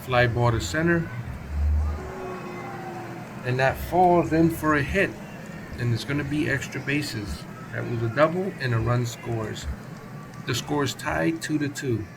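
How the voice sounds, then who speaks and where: A man with a gravelly voice calls baseball play-by-play in a casual, chatty way, with asides and self-corrections. A steady noise hiss sits behind him. His pitch is middle of the range. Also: measured pace, long pauses. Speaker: play-by-play commentator. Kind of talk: solo play-by-play of a simulated baseball game.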